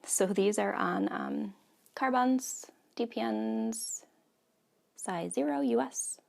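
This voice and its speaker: A woman's voice: fairly high pitch, slow pace, vocal fry. A woman in her thirties hosting a casual knitting podcast from home, chatty and full of ums. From United States. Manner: chatty, many ums, soft asides. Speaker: podcast host. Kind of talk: casual chat.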